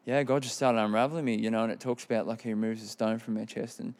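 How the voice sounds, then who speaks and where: A man's voice: lowish voice, level tone, quick pace, darkish tone. Candid Australian man giving testimony. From Queensland, Australia. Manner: rambling, candid, many fillers. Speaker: testimony speaker. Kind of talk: personal testimony.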